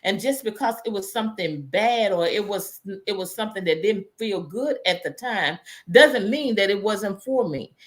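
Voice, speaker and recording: A woman's voice: medium pitch, animated, moderate pace, hardly any pauses. Woman, host, reflective, repeats words, reads viewer comments. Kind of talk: casual conversation.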